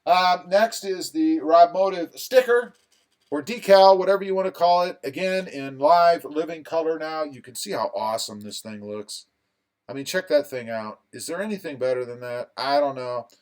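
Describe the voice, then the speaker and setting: A man, hosting a live stream. He reads viewer comments aloud in a relaxed, joking way. His voice sits a little high for a man. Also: moderate pace. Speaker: livestream host reading chat. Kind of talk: casual live chat.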